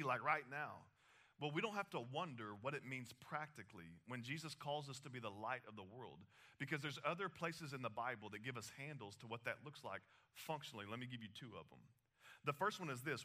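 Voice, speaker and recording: A man preaching a sermon, animated, with casual asides and laughs, a parent of young children. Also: fairly high pitch. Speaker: pastor.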